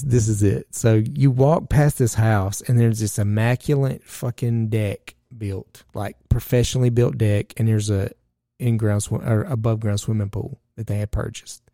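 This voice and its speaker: A man with a gravelly, low-rasped voice spins a long, profane story in casual conversation. His tone is dark and mellow, and the recording is dry and close with no room sound. He talks loosely, with plenty of fillers and side remarks. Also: dry recording.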